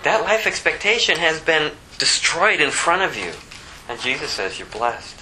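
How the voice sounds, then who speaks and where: A man's voice: big pitch swings, moderate pace, bright, forceful tone, slight background noise, poor audio. A man preaching a sermon, his voice rising sharply when he gets emphatic. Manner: impassioned, pitch climbing sharply when emphatic.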